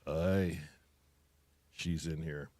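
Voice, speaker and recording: A man's voice: very deep voice, steady tone, extremely slow, a little mellow. A man hosting a live stream, chatting loosely and jokily and swearing freely. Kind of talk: casual live-stream chat.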